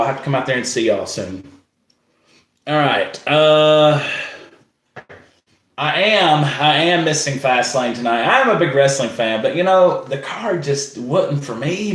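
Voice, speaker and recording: Laid-back man, echoey room. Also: mid-range voice. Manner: laid-back, chatty, greets viewers by name. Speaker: live stream host and musician. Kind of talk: casual live-stream chat.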